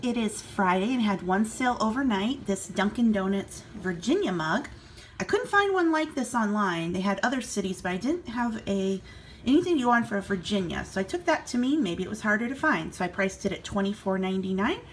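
Woman, mid-pitch, chatty home vlogger, faint room noise behind. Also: lively intonation, fairly quick. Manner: chatty, rambling, with fillers. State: out of breath. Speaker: vlogger and eBay reseller. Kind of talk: casual vlog chat. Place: home basement.

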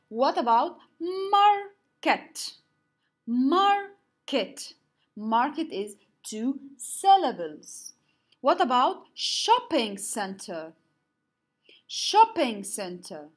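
Woman teacher, slow and husky, lively pitch, drawing out words in a lesson. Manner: slow, drawn-out words for clapping syllables; some slips and restarts. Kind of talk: online class lesson.

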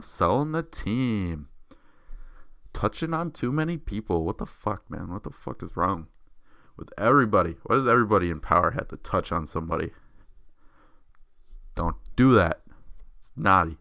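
Man, low register, profane excitable sports vlogger, close dry mic. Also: no echo. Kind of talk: casual football rant.

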